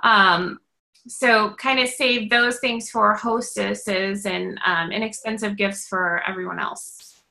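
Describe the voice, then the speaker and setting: A woman's voice: medium pitch, steady tone, takes it slowly, creaky, bright, forceful tone, low-quality recording. A woman leading a casual team call, speaking in an encouraging way and using fillers often.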